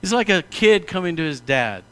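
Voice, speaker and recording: Animated, bright-voiced male pastor preaching. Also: sits high, moderate pace, clean tone. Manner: animated, mock-pompous asides. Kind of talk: sermon.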